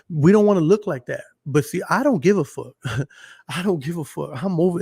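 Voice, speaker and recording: A podcast host with a Texas accent runs a casual solo show, talking straight to his listeners in a blunt, profane way. His voice is slightly high, expressive, gravelly and a bit mellow with a breathy edge, at a moderate pace. There's no room sound.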